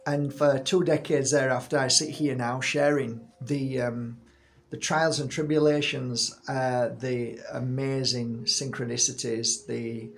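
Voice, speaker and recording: A man's voice: mid-range voice, little pitch movement, a little slow, slight background noise. A man in his fifties, a healer and channel host, casually telling a personal story, rambling with frequent restarts.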